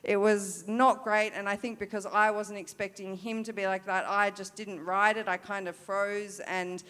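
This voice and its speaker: A woman's voice: mid-range voice, level tone, moderate pace, a bit bright, smooth. An Australian woman in her thirties, a para-dressage rider, candidly telling a story at a forum, with many fillers and restarts.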